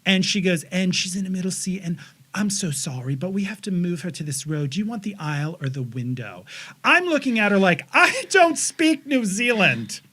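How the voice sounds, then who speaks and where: Animated man in his forties, high and lively. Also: fairly quick. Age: 40s. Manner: animated, profane storytelling with voices. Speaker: podcast co-host. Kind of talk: casual chat.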